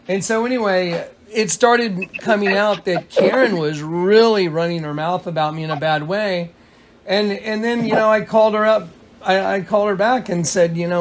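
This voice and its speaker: A man with a fairly high voice talks over a phone call in a loose, rambling flow. He keeps restarting his sentences and slips into quoted speech as he retells conversations. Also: moderate pace, noisy background. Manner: rambling, many restarts and fillers. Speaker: caller recounting events.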